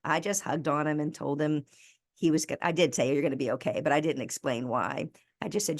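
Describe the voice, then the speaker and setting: Low-voiced American woman telling stories. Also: fairly quick, dry recording, clean studio sound. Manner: earnest, animated storyteller. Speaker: podcast guest, resilience speaker. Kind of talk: conversational interview storytelling.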